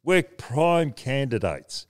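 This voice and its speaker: A man's voice: mid-range voice, big pitch swings, slow pace. An older Australian man co-hosting a talk show, answering back in a grumbling, defensive way. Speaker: co-host.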